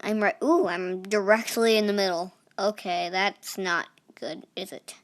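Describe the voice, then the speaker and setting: A woman's voice: medium pitch, unhurried. A young woman giving casual, chatty commentary over a phone game, reacting with playful exclamations. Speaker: gaming channel host.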